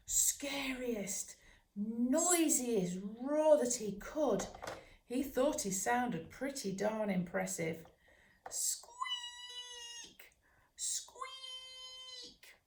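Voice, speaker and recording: Slow gentle woman reading a bedtime story. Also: on the high side. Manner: gentle, soothing, sometimes drops to a whisper. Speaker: children's author and dog trainer. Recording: roomy echo.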